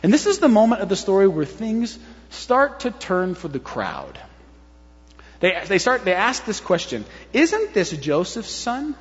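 Animated preacher in an echoing hall. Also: male voice, sits high, a little slow, highs cut off. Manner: animated, acts out crowd voices, conversational asides. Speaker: pastor. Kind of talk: sermon.

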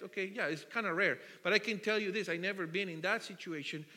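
A man preaching a sermon, telling the story in an animated way, asking the congregation questions and often restarting his sentences. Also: high-pitched. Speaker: pastor. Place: church hall. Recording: long hall reverb.

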